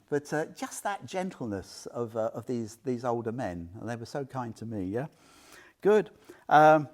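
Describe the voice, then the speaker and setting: An older man with a medium-pitched, somewhat dark voice gives an informal Dharma talk full of personal stories. He's chatty and heartfelt, often checking in with "yeah?" and "you know."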